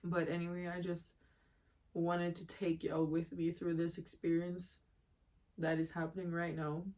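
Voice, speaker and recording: A woman's voice: lowish voice, completely flat delivery, measured pace, darkish tone. A woman from Jamaica vlogging candidly about a personal matter, emotional and rambling as she talks. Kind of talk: personal confessional vlog.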